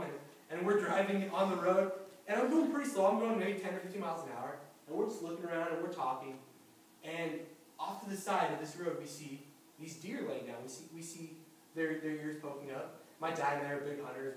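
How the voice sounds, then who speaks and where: Male pastor, fairly high voice, chatty storytelling sermon; booming church echo, distant mic, faint hiss. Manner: lively anecdotal storytelling with chuckles. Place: church sanctuary. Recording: very echoey church hall from far off, faint noise.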